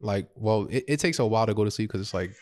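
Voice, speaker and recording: A man's voice: lowish voice, quick pace. Young New man telling a story. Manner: laughs through his story, animated, quotes himself. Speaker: podcast host. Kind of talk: casual storytelling chat.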